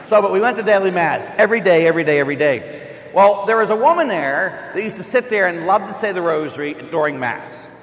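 Animated priest preaching in an echoey church. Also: male voice, high voice, fairly quick. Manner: animated, joking storyteller who acts out quoted people. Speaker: Catholic priest. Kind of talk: conversational homily. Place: large church. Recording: echoey church with long reverb.

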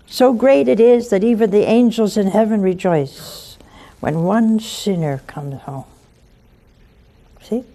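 A woman's voice: mid-range voice, slow, mellow. A woman preaching a conversational sermon and hosting a call-in show, pleading and coaxing, with rhetorical asides to her listeners.

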